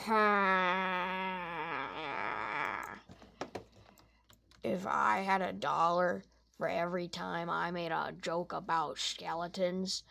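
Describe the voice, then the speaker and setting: A woman's voice: lowish voice, vocal fry, fairly bright tone, exaggerated voice. A woman voicing a frantic, goofy young man in a game story. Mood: punning. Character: panicky young man, later a joking skeleton.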